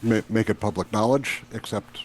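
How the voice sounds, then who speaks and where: Low-voiced man at a game table. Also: moderate pace, slight background noise. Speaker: player. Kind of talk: in-character tabletop play.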